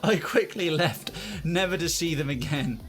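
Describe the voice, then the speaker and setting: A man's voice: a little high, lively intonation, normal speed, a bit bright, faint music behind. A man streaming live, reading a story and chatting to viewers in a rambling, self-correcting way.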